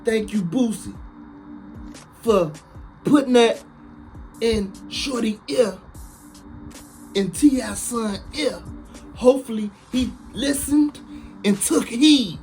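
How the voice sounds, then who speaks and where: Slow, preachy man. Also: very high-pitched, soft background music. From Chicago, USA. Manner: emphatic, preachy, sounds like shouting even when calm. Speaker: online commentator. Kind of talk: casual live-stream monologue.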